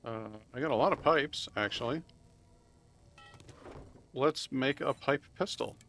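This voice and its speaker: A man streaming a video game live, chatting casually and rambling as he plays, swearing freely and laughing loudly at chat. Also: mid-range voice, unhurried, slight background noise. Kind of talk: live gameplay commentary.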